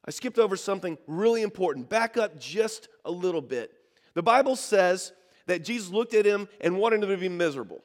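A man's voice: high voice, animated, fairly quick, long reverb tail. A male pastor preaching a sermon, telling stories, acting out the people he quotes and calling on the congregation to respond. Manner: storytelling, acts out the people he quotes.

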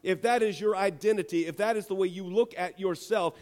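A man's voice: sits high, brisk, hardly any pauses, a little mellow. A male pastor preaching a sermon and reading scripture, emphatic, repeating phrases and firing rhetorical questions at the congregation. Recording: long hall reverb.

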